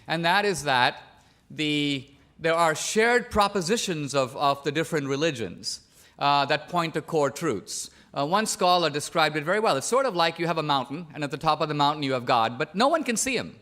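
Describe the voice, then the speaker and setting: A man's voice: on the high side, animated, moderate pace, bright, forceful tone. Man from India arguing in a debate. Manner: pressing, argumentative, quotes opponent's words back. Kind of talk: formal debate argument. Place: large auditorium stage.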